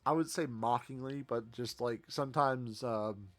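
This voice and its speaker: A man's voice: medium pitch, a little slow, fairly bright tone. Chatty self-mocking male streamer. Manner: chatty, self-deprecating, laughs often. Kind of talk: casual gameplay commentary.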